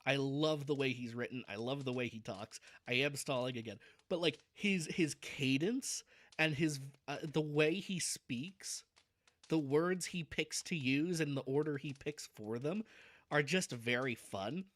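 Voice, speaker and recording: A man's voice: medium pitch, unhurried, a bit bright. A man chatting casually on a livestream before reading a novel aloud. He is self-deprecating and restarts his sentences often.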